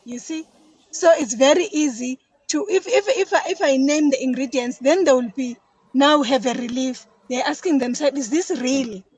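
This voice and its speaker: A woman's voice: high voice, normal speed, a little mellow, dry recording, low-quality recording. A South African woman explaining detergent making as a podcast guest, chatty, often repeating words. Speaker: business guest, detergent maker. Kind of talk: casual podcast interview.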